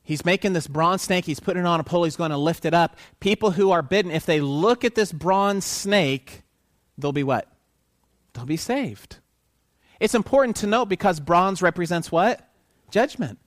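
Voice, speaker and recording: A man preaching a sermon who keeps asking his listeners questions and pauses for their answers, swinging from quiet to loud for emphasis. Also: high-pitched, animated, dry recording, clean studio sound.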